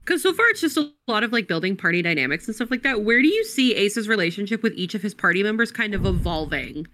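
A woman's voice: mid-range voice, sing-song, fast talker, a bit bright, a little hiss or hum. A woman co-hosting a casual podcast, chatty and full of fillers as she explains game lore. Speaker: podcast co-host and game master.

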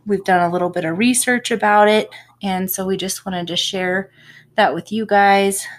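A woman's voice: mid-range voice, fairly even intonation, normal speed. A woman, a home health nurse, co-hosting a casual podcast and explaining at length with small laughs.

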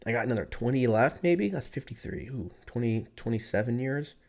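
A man in his thirties tells a story to the camera in a loose, rambling way. He swears freely, pokes fun at himself and keeps an easygoing tone throughout, his voice sitting at an ordinary middle pitch. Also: animated, fairly quick, a little mellow. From California. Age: 30s. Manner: rambling, profane, laid-back, self-mocking. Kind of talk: casual storytelling monologue.

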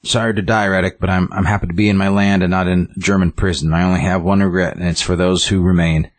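A man's voice: deep voice, flat delivery, fast talker, close to an everyday voice. A man voicing an old, dying male professor who is bitter and insistent, retelling a story aloud. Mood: urgent.

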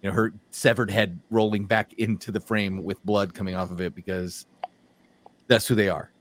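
A man's voice: fairly low pitch, flat delivery, normal speed. A male podcast host talking bluntly in casual, opinionated chat and telling stories as he goes. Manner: blunt, storytelling, laughs often.

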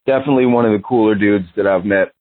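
A man's voice: lowish voice, very fast. Profane laid-back New man on a phone line. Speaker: interview guest. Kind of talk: casual interview talk. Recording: phone-line radio sound.

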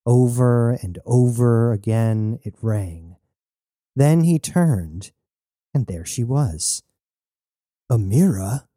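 A man reading a novel aloud as narrator in a steady storytelling manner. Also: mid-range voice, slow pace, no echo, studio quality. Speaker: audiobook narrator. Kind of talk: scripted narration.

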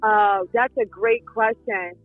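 A woman, a reality show cast member, answering interview questions in a chatty, animated storytelling way with lots of fillers. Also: medium pitch, slow pace, soft background music. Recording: dull lo-fi sound.

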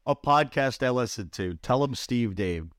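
A man with a Rhode Island accent co-hosting a casual podcast, telling stories with animated, high-pitched quotes of other people. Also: normal speed, smooth, no room sound, clean studio sound. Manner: animated storyteller, jumps high when quoting others. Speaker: podcast co-host. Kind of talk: casual chat.

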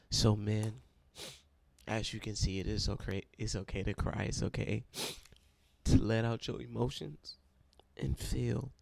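Gravelly, dark-voiced man preaching earnestly. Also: lowish voice, steady tone, unhurried, no room sound. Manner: earnest, emotional storytelling. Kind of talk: emotional testimony and prayer.

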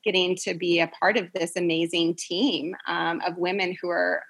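Earnest, lower-voiced woman podcast guest. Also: level tone, a bit bright, husky. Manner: earnest, enthusiastic, pauses to find words. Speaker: podcast guest, clinic founder. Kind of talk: casual interview chat.

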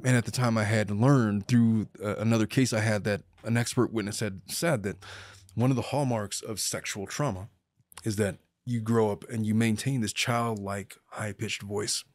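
A man's voice: lowish voice, fairly even intonation, moderate pace, no room sound. Chatty joking man, dry close sound. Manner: joking, chatty, many restarts. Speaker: podcast co-host. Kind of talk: casual chat.

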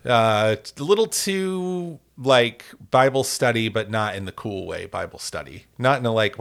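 A man's voice: lowish voice, a little slow, creaky, hardly any pauses, a bit bright. A man co-hosting a casual sports podcast, rambling and joking with lots of fillers and restarts. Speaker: podcast co-host.

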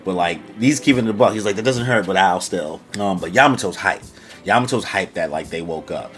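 A young man with a fairly low voice reviews an anime chapter casually, rambling in slang and often slipping into quoted voices.

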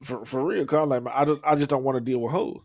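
A man's voice: mid-range voice, quick pace, darkish tone, no echo, studio quality. A young man, telling a profane, rambling story on a podcast with lots of fillers and restarts. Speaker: podcast co-host. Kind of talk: casual storytelling.

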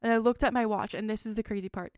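A woman's voice: on the high side, steady tone, fast, a little mellow, no room sound, studio quality. A woman in her twenties in casual podcast chat, reading out a long dream journal in a rambling way, full of "like". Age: 20s. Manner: rambling, frequent "like" fillers. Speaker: podcast co-host.

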